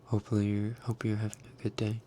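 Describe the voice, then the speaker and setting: A young man hosting an ASMR livestream, reading chat in a soft, often whispered voice and chuckling as he tries out foreign words. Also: lowish voice, completely flat delivery, fast, slight background noise. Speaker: livestream host.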